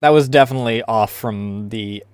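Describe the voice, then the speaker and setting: A hoarse streamer giving casual, profane, jokey commentary over gameplay. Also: medium pitch, moderate pace, dry recording, studio quality. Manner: profane, jokey, self-mocking. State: hoarse, sore throat.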